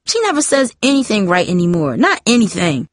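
A woman's voice: medium pitch, huge pitch swings, fairly quick, dry recording, clean studio sound. A woman voicing an angry, hurting teenage girl who speaks in a snappish, demanding way. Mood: snapping.

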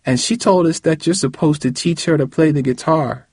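A man's voice: fairly high pitch, moderate pace, a little mellow, husky, dry recording, studio quality, voice pushed up. A man voicing a teasing, giggly little sister.

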